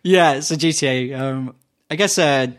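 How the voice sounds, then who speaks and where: A man's voice: medium pitch, a little slow. Giggly man rambling on a podcast. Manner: rambling storytelling, frequent laughter, swearing. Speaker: podcast co-host. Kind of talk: casual podcast chat.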